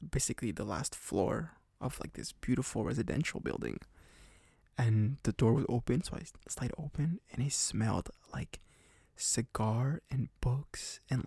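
A young man from Canada rambles through a casual podcast story, leaning on "like" constantly and laughing now and then. His voice is gravelly, recorded dry and close. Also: mid-range voice, mellow, dry recording. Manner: rambling, heavy on "like" fillers, laughs often. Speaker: podcast host.

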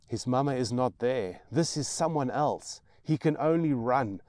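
A man narrating his own novel with slow, intense dramatic storytelling. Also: mid-range voice, darkish tone, no room sound, studio quality. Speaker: author reading his novel.

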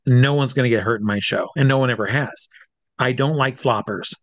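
A middle-aged man, a comedy stage hypnotist, telling an animated story in an interview and acting out the people in it. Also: medium pitch, fairly quick, no echo. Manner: animated, acts out voices in his stories.

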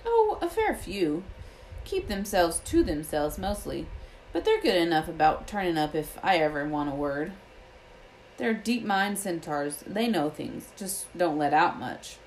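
A woman voicing a huge, gruff male gamekeeper in a storybook reading, brusque and rustic in manner. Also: on the low side, sing-song, measured pace, a little hiss or hum, low-quality recording. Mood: gruff impatient.

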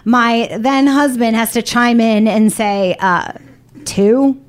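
A fairly high-voiced woman telling a funny personal story on stage. She is animated and blunt, swears freely and pokes fun at herself as she goes. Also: a little slow, heavy background noise. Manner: animated, blunt, profane, self-mocking. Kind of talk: live comedic storytelling.

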